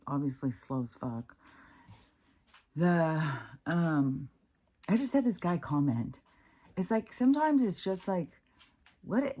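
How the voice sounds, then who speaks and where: A woman's voice: sits low, dark tone. A woman talking in a casual rambling monologue, frank and frustrated, swearing a lot and restarting her sentences often. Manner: rambling, with many fillers and restarts. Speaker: vlogger.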